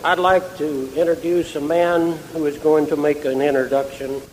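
A man's voice: a little high, fairly even intonation, moderate pace, darkish tone, slight background noise, low-quality recording. A man emceeing an event, cracking jokes and making chatty introductions. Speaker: master of ceremonies. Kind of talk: banquet emcee patter.

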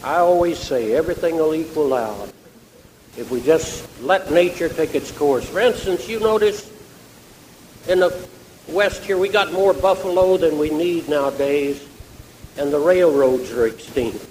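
A man's voice: a little high, measured pace, darkish tone, slight background noise, low-quality recording. A man emceeing an event, cracking jokes and making chatty introductions. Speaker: master of ceremonies. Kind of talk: banquet emcee patter.

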